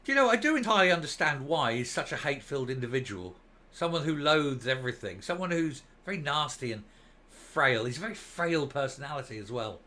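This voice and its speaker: An older man with a bright, slightly high voice delivers a scornful commentary rant. He rambles with fillers and mocking asides, piling on contempt. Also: sing-song, fairly quick. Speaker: political commentary host. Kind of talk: ranting opinion monologue.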